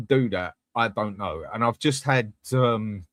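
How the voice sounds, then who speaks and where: A man's voice: on the low side, a little slow, a bit bright, no echo. A man hosting a live fan channel, chatting bluntly with viewers and swearing freely. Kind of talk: live-stream chat reading comments.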